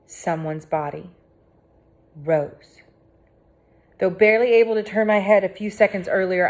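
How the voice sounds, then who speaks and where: Dramatic woman narrating an audiobook. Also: lowish voice. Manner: dramatic, swinging between hushed and cried out. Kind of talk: first-person audiobook narration.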